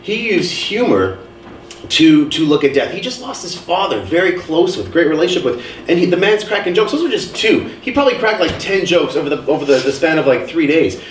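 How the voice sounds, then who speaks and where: A young man co-hosting a casual podcast chat, telling stories and acting out what people said with lively swings in his voice. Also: fairly high pitch, a little fast, slight background noise. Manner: animated storyteller, acts out quotes. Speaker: podcast co-host. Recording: roomy sound, mic at a distance.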